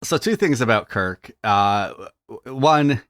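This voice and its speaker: A man co-hosting a podcast, telling stories in an excitable, animated way. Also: medium pitch, takes it slowly, no room sound, clean studio sound. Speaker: podcast co-host. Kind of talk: casual chat.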